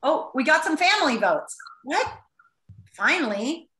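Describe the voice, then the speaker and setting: A woman teacher running a playful class vote on a video call, animated, exclaiming and laughing often. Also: high-pitched, a little slow, reverberant.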